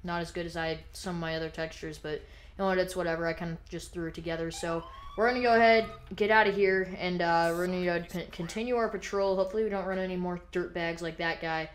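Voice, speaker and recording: A woman's voice: lowish voice, fast talker, a little hiss or hum. Woman narrating police role-play gameplay. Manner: relaxed chatty narration that breaks into barked police commands. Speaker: gameplay host role-playing a police officer.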